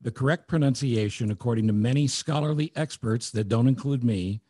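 A man's voice: mid-range voice, brisk, dark tone, dry recording, studio quality. A man co-hosting a casual chat podcast, joking and teasing in banter. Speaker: podcast co-host.

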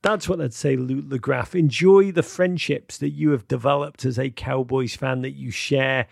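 A middle-aged man hosting a live call-in show, rambling and repeating words as he speaks warmly and emotionally to callers. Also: medium pitch, steady tone, moderate pace, gravelly, dry recording, studio quality. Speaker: podcast host taking callers.

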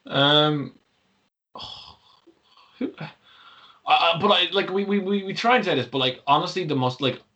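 A man rambles through wrestling talk as a podcast co-host, trailing off and restarting constantly. His voice is bright and forward. The audio is dull and lo-fi, like a call recording. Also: on the high side, measured pace, pauses often. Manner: rambling, filler-heavy, laughs easily. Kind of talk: casual wrestling chat.

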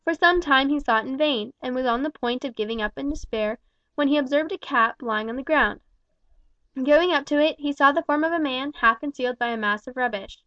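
A woman's voice: sits high, a little fast, sharp tone, no echo. Woman reading a novel aloud. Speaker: audiobook reader. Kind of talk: scripted narration. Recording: dull, dry recording.

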